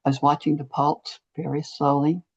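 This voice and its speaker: An older woman, a guest in an interview, tells a story earnestly and animatedly, acting out what people said. Her deep, husky voice moves at a normal speed, and the audio is muffled and lo-fi.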